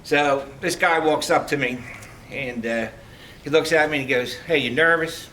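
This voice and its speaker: A middle-aged man giving a heartfelt farewell speech as a retiring police lieutenant, telling stories with halting restarts. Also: mid-range voice, a bit bright. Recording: distant mic, faint background noise.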